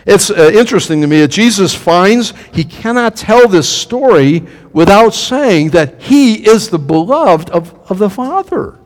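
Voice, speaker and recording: A high-voiced man preaches with a lot of movement in his pitch, swinging from hushed lines to sudden cries. He acts out the voices in the story and throws questions to his listeners. The sound carries a long reverb, as from a big hall. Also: unhurried, hardly any pauses. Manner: animated, acts out quotes, asks the congregation questions. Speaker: pastor. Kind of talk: sermon.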